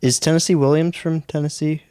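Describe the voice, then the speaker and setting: A man's voice: fairly high pitch, level tone, a little fast, warm tone, clean tone. A male podcast co-host who mostly chips in with short, agreeing remarks. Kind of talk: casual podcast chat.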